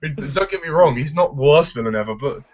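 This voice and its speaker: A man's voice: fairly high pitch, expressive, fast talker, noisy background. A man giving his blunt, opinionated take on a film in a casual discussion. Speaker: film reviewer. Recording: dull lo-fi recording.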